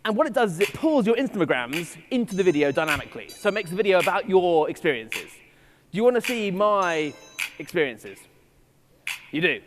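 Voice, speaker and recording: A conference speaker with an English accent delivers a keynote to a live audience from a festival stage in a large hall, with music in the background. His high voice is very animated and fairly quick, and his asides are playful and self-mocking. Long reverb comes from the large hall.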